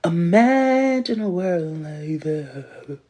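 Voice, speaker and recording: A woman hosting a casual livestream, chatting with viewers and reading their comments in an animated, emphatic way, laughing often. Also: fairly low pitch, drawn-out words. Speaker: livestream host.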